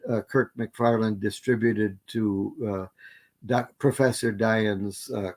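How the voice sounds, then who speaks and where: An older man lecturing in a low voice, going methodically through lists of word forms. He pauses often on fillers and restarts, like a scholar thinking aloud at a conference. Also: steady tone, darkish tone. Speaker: linguistics lecturer. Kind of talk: academic plenary lecture.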